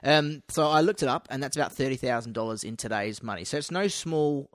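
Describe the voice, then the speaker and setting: A man's voice: mid-range voice, a little fast, no echo, studio quality. A man co-hosting a podcast, telling stories in casual banter, rambling, laughing often and swearing freely. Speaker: podcast co-host telling a local history story.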